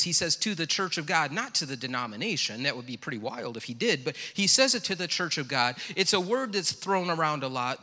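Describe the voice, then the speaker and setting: Middle-aged male pastor, bright and forceful tone, chatty sermon storyteller, reverberant church hall. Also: on the high side. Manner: storytelling, conversational and self-deprecating. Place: church sanctuary.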